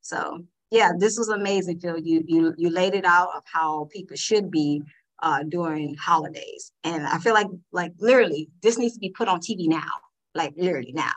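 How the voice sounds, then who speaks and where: A woman's voice: fairly low pitch, normal speed, rough recording. Lady on a podcast, chatty, does little voices for customers. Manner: animated storytelling, acting out customers' lines. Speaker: panel guest. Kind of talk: casual podcast discussion.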